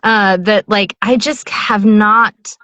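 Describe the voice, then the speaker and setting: A woman's voice: medium pitch, steady tone, slow pace, fairly bright tone. A middle-aged woman, an audiobook narrator, chatting casually as an interview guest, rambling with lots of fillers and restarts.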